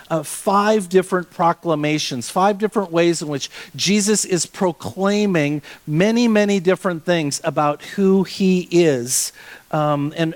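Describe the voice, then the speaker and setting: A male pastor preaching a sermon, reading scripture and retelling it with playful, animated asides. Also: on the high side.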